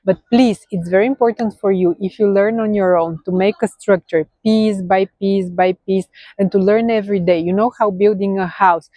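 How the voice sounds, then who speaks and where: A woman's voice: medium pitch, steady tone, moderate pace, dark tone, no echo. Bulgarian woman teaching, dry close sound. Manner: patient, checks in with frequent "okay?". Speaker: language teacher. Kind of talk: online grammar lesson.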